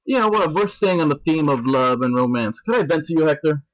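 A man's voice: fairly high pitch, brisk, dry recording, rough recording. A man co-hosting a podcast, venting in casual chat. He rambles, swears and mimics other people's voices. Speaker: podcast co-host.

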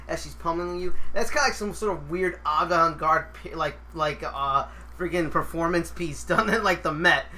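A man co-hosting a podcast who chats casually and cuts in with quick, amused remarks. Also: high-pitched, bright, forceful tone, slight background noise. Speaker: podcast co-host. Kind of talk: casual chat.

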